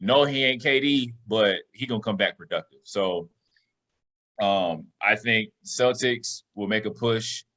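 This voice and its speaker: A man co-hosting a podcast, talking sports in casual banter and asking questions in an animated way. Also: lowish voice, unhurried. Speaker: podcast co-host.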